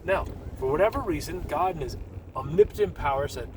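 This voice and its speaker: A man with a slightly raised pitch speaks earnestly about his faith, urging listeners with rambling restarts and a casual vlogging tone. He is talking from inside a car, with a faint hum of the vehicle underneath. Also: lively intonation, a little fast. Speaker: Christian vlogger. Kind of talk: casual faith talk to camera.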